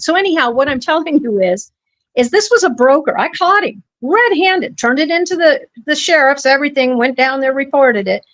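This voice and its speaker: A woman with a voice pitched a little above the usual, talking in a casual podcast chat. She rambles through anecdotes and stops to correct herself along the way. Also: animated, moderate pace, fairly bright tone. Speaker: podcast host.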